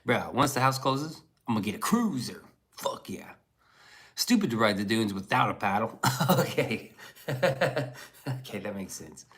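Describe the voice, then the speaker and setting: A man's voice: medium pitch, very animated, unhurried, fairly bright tone. A man streaming live, reading chat messages aloud and riffing on them in loose, profane, casual talk.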